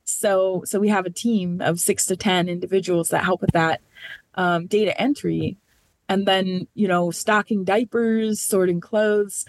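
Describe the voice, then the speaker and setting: A woman's voice: medium pitch, dry recording. A woman speaking as a podcast guest in an earnest, thoughtful way. She leans on filler words as she explains her work. Her voice sits in a middle range and sounds dry and close to the mic. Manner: earnest, thoughtful, many fillers like "like" and "you know". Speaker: nonprofit program manager, guest. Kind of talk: conversational podcast interview.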